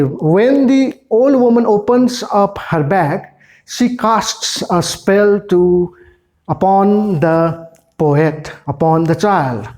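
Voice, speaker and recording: Slow teacher explaining a poem. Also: medium pitch, a little mellow. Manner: slow, repetitive explaining with restarts. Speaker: English teacher.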